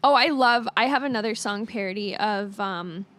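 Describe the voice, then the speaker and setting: A young woman from Alberta, Canada co-hosting a casual podcast, chatty and playful and quick to laugh. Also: medium pitch, a bit bright. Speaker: podcast co-host.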